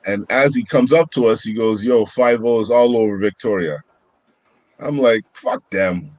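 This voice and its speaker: A man co-hosting a casual podcast, telling a story step by step in relaxed slang. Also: lowish voice, normal speed, no echo. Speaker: podcast co-host.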